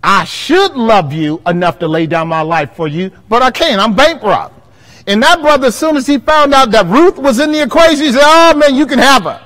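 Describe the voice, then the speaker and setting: A man preaching a sermon at a Bible study, impassioned, often asking the congregation if they follow, and swinging between loud bursts and low, quiet passages. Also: big pitch swings, moderate pace, in a large hall, low-quality recording. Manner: impassioned preaching with call-and-response questions. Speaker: pastor. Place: church.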